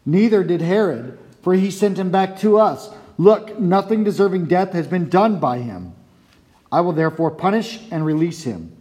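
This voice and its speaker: A man reading the lines of a weary Roman governor, in a measured, plain way. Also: sits high, expressive, warm tone.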